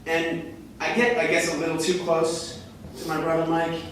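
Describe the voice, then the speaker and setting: Young male storyteller on a small theater stage, lively and loud at the peaks, recorded from a distance with a faint hiss. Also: on the high side, moderate pace. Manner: animated, rising to near shouts at peaks. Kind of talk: live comic storytelling on stage. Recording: echoey room from a distance.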